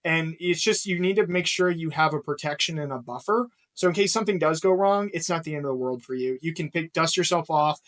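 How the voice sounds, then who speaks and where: A man's voice: fairly high pitch, brisk, few pauses, a bit bright. Rambling, laughing man podcast guest. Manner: rambling, laughs often, many fillers. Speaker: guest, real estate investor. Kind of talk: casual podcast interview.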